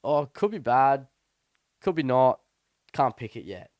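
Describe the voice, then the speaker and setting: A man voicing a calm old farmer who takes every event with an unhurried, laid-back shrug. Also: medium pitch, no echo, muffled recording, voice pushed up. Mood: shrugging. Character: calm old male farmer, unbothered sage.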